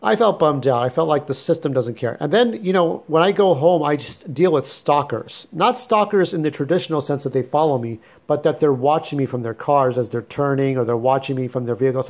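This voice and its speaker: A man's voice: fairly high pitch, brisk, hardly any pauses, a little mellow. A man giving a blunt, bitter, profane late-night monologue at home. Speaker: vlogger.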